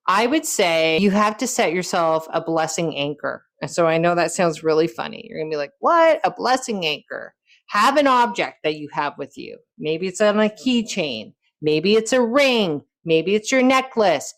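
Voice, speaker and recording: Animated woman giving a motivational talk. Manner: animated, acts out quoted lines with big pitch jumps. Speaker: podcast host and wellness speaker.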